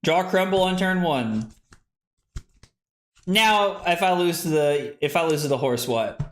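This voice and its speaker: A young male streamer chats loosely through a card game, his voice bright and ringing. He swings up and down in pitch all the time, quick to laugh and quick to curse. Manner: excitable, laughing, swearing freely. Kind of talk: casual live-stream chat while playing.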